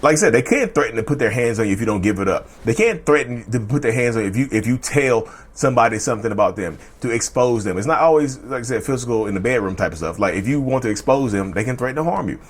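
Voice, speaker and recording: A man's voice: mid-range voice, expressive, fast talker, few pauses. A man hosting a casual talk video who rambles, repeats his phrases and addresses viewers as "y'all.". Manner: acts out short quoted threats in a changed voice. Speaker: mental health video host. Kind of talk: casual explanatory monologue.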